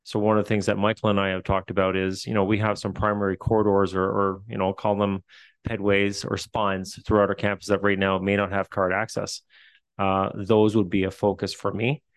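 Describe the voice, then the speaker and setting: A man's voice: lowish voice, level tone, a little fast, dry recording. A man with a Newfoundland accent, a facilities administrator answering questions at a meeting, hesitant with many fillers and restarts.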